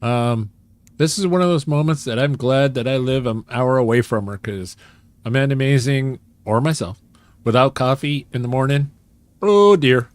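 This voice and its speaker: A man's voice: mid-range voice, normal speed, no echo. A man giving casual gameplay commentary and chatting with viewers, joking and chuckling often. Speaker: game streamer. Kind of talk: casual gameplay commentary while reading chat.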